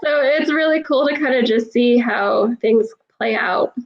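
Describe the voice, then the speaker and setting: A woman's voice: a little high, a little slow, dull audio. A woman who is an animal communicator, telling stories in a casual interview and laughing often.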